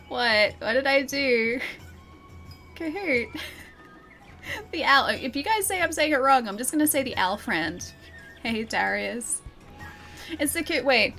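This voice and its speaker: Young female streamer, higher voice, playful and laughing, talking to chat over a desk mic. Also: a bit bright. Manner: giggly, teasing, chatty with her chat. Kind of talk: live-streamed gameplay chat.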